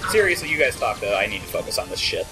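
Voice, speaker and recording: A man playing a video game while chatting with friends, excitable and profane, breaking into cheers and grumbles. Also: fairly low pitch, racing, music in the background. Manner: excitable, swears a lot, bursts into cheers. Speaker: let's play host playing the game. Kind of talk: casual gameplay commentary.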